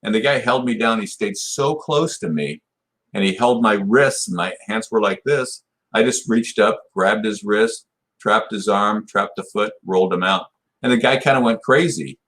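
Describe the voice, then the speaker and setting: On the low side and a bit bright, this man's voice keeps a moderate pace as he guests on a podcast interview. In his sixties and a martial arts black belt, he tells a long, rambling story with many restarts and "you know" fillers.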